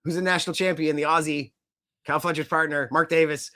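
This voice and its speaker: Guy co-hosting a wrestling podcast, kinda high voice, rambly and animated. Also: fast. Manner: rambling, animated, swears casually. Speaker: podcast co-host. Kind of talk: casual wrestling chat.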